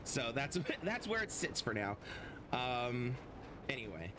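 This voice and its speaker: A man's voice: mid-range voice, very animated, slow, noisy background. A man casually commenting on his gameplay as a streamer, rambling and swearing freely.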